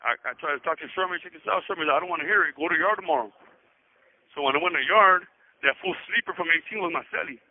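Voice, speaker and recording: A man's voice: a little high, racing. A man in prison, telling a long story over the phone in profane street slang, repeating himself as he goes. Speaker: prison inmate on a phone call. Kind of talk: rambling casual storytelling. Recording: tinny prison phone line.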